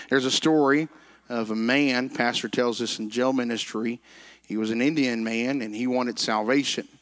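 A man teaching a Bible lesson in an earnest, measured way, slowing down on key words and quoting scripture. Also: medium pitch.

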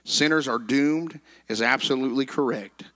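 An earnest man gives a Bible lesson at a measured pace, slowing on key words and quoting scripture. His voice sits in the mid-range with a slightly bright quality.

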